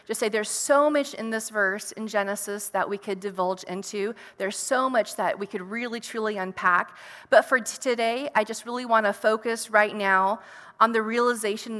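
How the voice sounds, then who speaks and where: A woman's voice: medium pitch, fairly bright tone, big-room sound. A woman preacher giving an earnest, reflective sermon, posing rhetorical questions to her listeners.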